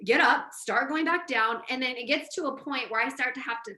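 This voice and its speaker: Woman host, chatty and animated, slightly high voice, echoey room. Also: brisk. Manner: animated, laughing storyteller. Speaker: podcast host. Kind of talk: casual chat, storytelling. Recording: roomy echo.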